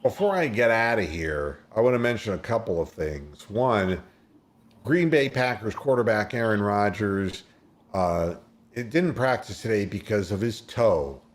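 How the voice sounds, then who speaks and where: A sports radio host in casual talk, retelling games play by play like a storyteller. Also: male voice, on the low side, expressive, measured pace.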